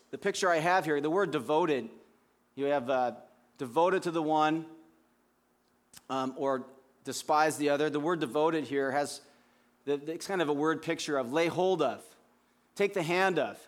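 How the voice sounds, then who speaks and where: Guy preaching, chatty sermon, kinda high voice, stops and restarts a lot. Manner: conversational, with frequent restarts. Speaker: pastor.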